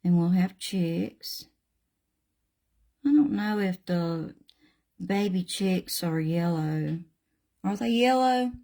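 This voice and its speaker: A woman's voice: on the low side, slow pace, long pauses, warm tone. A middle-aged woman with a Southern US accent, hosting a live craft tutorial and chatting in a folksy way with viewers while she paints. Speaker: craft channel host.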